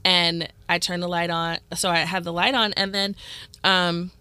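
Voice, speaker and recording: A woman co-hosting a morning radio show, telling stories in an animated way, laughing often and acting out the voices in them. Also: lowish voice, measured pace, clear, resonant tone, no echo. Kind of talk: storytelling in casual radio chat. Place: radio studio. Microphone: studio microphone.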